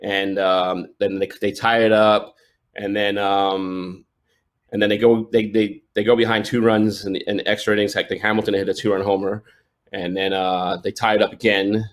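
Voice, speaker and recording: Rambling low-voiced man telling a story. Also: level tone, normal speed. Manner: rambling, many restarts and fillers. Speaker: sports photojournalist guest. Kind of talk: casual storytelling chat.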